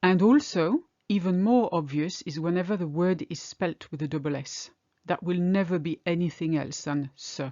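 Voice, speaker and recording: A native French woman gives a pronunciation lesson in a fairly low voice. She talks in a clear, deliberate way and slows down for each example word. The audio is dry and a bit dull. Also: darkish tone, no echo. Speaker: French teacher.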